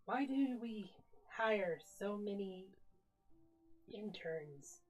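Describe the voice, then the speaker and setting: A woman's voice: mid-range voice, expressive, extremely slow, a little mellow, soft background music. Woman doing a prim, scolding schoolteacher. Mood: exasperated. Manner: scolding, exasperated, impatient. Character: prim irritable female schoolteacher, middle-aged. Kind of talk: storybook reading.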